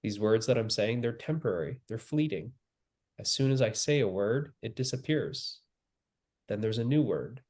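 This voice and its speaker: A man giving a spiritual teaching, speaking calmly and slowly with long pauses and repeated phrases. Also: medium pitch. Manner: calm, slow and repetitive, with long pauses. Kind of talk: slow guided spiritual teaching.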